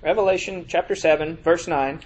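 A man preaching a sermon in a conversational way, checking in with his listeners and reading scripture slowly with heavy emphasis. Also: a little high. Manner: reads scripture aloud in slow, drawn-out emphasis; conversational, checks in with "all right?".

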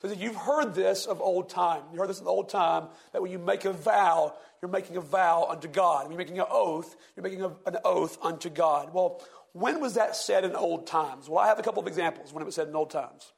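A man preaching a sermon, slowly reading scripture with heavy emphasis and asking his listeners questions. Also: high voice, creaky. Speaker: pastor.

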